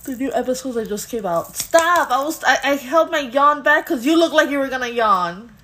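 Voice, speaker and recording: A woman's voice: high-pitched, expressive, a little fast, pushed and bright. A woman co-hosting a podcast, bantering playfully and joking in casual chat. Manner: playful, joking, sing-song asides. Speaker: podcast co-host.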